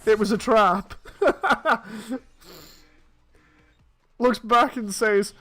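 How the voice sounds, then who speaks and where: A man's voice: high-pitched, very slow, pauses often, sharp tone, soft background music. A man in his thirties, chatting casually and telling rambling stories while streaming a game. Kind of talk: casual chat while playing.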